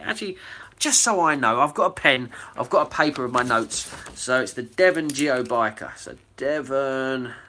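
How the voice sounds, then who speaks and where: Middle-aged host, bright forward voice, loose chatty live-stream delivery. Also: male voice, mid-range voice. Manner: chatty, reads out viewer comments, rambling with fillers. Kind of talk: casual live-stream chat.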